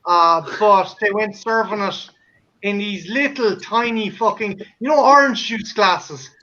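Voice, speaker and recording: A man's voice: sits high, measured pace, bright, forceful tone, slight background noise. An Irish man from Ireland hosting a casual podcast chat, telling stories in a profane, ranting way. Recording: slightly muffled audio.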